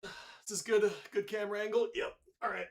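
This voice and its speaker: A man's voice: high-pitched, flat delivery, a little fast, creaky. A young man livestreaming from home, chatting casually and loosely with many restarts and fillers. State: out of breath after push-ups. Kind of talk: casual live-stream chat. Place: home room. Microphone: desk mic, moves away from it.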